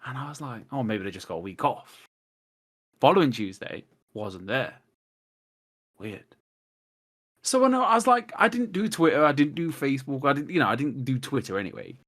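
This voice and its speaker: A man's voice: mid-range voice, brisk. A man talking as a guest on a casual podcast, telling long rambling stories and acting out what people said. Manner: rambling, animated storyteller who acts out quotes.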